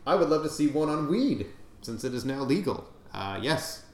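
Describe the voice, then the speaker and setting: A man's voice: a little high, sing-song, moderate pace. A man from Canada hosting a casual podcast chat, wry and dry as he reads listener emails aloud. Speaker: podcast host. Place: room with several people. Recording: echoey room, faint background noise.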